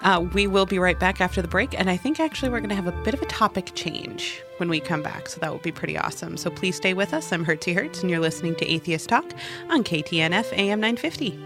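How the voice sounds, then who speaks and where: Radio host lady, quick announcer delivery, music bed behind her. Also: lowish voice, animated. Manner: brisk, announcer-like at breaks. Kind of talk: radio hosting.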